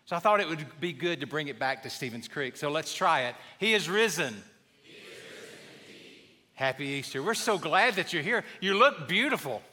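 A man's voice: a little high, animated, a little fast, few pauses, sharp tone, long reverb tail. A male pastor preaching a sermon in a church, telling stories in a conversational, humorous way. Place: church sanctuary.

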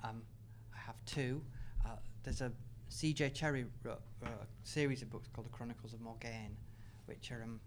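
A man speaking as an author on a live panel discussion, enthusiastic, with quick asides and laughter. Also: mid-range voice, steady tone, a little hiss or hum.

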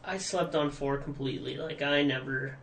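A man's voice: mid-range voice, moderate pace, over a noisy crowd. A man co-hosting a gaming podcast, easygoing and teasing in casual chat. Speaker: podcast co-host.

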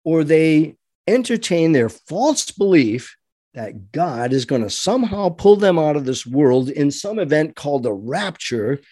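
A man's voice: a little high, sing-song, unhurried, dark tone, no room sound, studio quality. A man delivering an impassioned political monologue, preachy, with rhetorical questions and mocking voices. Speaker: political commentator.

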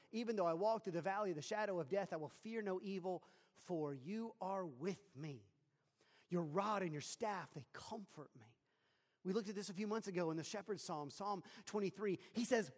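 A man delivers a sermon in a high voice, dropping low and soft for scripture readings, then rising into loud, emphatic preaching. His voice carries a long reverb, as in a large church hall. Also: animated, normal speed. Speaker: pastor.

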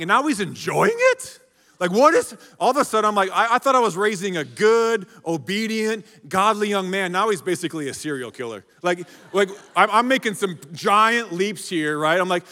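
A high-voiced, bright-sounding man preaches energetically to his congregation. He jokes and calls out to the crowd, and his voice carries a long hall reverb from a large church auditorium. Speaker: pastor. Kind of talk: sermon.

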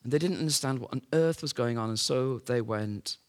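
A man's voice: medium pitch, brisk. A man preaching a sermon, telling the story in a conversational way with rhetorical questions and fillers.

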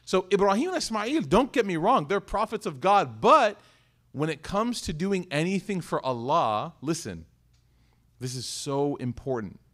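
A man's voice: on the high side, expressive, measured pace, a bit bright. A man in his thirties giving a conversational sermon as an Islamic teacher, asking the audience questions and acting out little dialogues in other voices.

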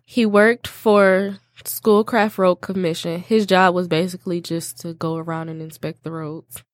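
Laid-back young woman, low voice. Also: steady tone, unhurried, dry recording, studio quality. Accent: Michigan. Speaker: podcast host and case narrator. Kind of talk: casual chat and reading a crime case.

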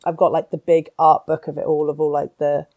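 Low gravelly woman, chatty podcast guest. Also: little pitch movement, a little fast, mellow, no echo, lo-fi sound. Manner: enthusiastic, sweary, chatty. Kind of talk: casual podcast chat.

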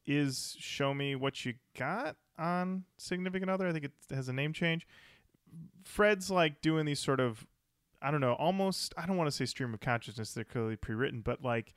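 A man's voice: on the high side, fairly bright tone, clean tone, dry recording, studio quality. A man co-hosting a podcast, talking through his thoughts in a rambling way and correcting himself as he goes. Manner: rambling, thinks aloud with self-corrections. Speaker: podcast co-host. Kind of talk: casual chat about music.

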